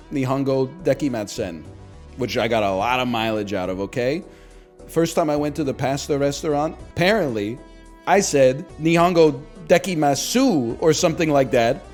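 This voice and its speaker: A man's voice: mid-range voice, darkish tone. A man in his thirties telling a rambling, profane, self-deprecating story in casual stream chat. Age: 30s.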